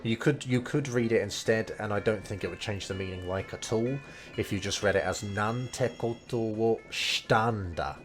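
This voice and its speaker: A man's voice: on the low side, a little fast, faint music behind. A man explaining game dialogue line by line, thinking aloud with lots of hedging and fillers. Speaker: language learning streamer.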